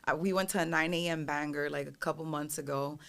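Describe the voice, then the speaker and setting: A woman musician, a guest on a podcast, chatting casually and telling animated stories in which she acts out other people's voices. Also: low voice, fast talker, gravelly. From New York. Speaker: recording artist guest.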